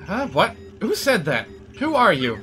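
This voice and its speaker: A man voicing a curious, spirited young princess in a raised, lively voice. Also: measured pace, soft background music, heavily acted. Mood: surprised. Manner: lively, higher put-on voice.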